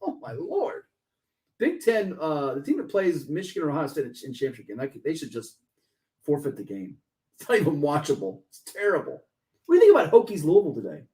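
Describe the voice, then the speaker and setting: Fast-talking excitable sports show host. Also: male voice, a little high, low-quality recording. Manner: fast, excitable, jokey and talkative. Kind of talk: casual sports talk.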